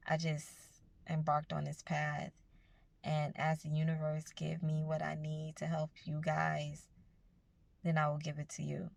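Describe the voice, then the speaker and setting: A woman's voice: deep voice, completely flat delivery, a little slow, gravelly, dry recording. A woman giving a casual, earnest motivational talk to her viewers, speaking conversationally about spiritual growth. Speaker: self-help vlogger.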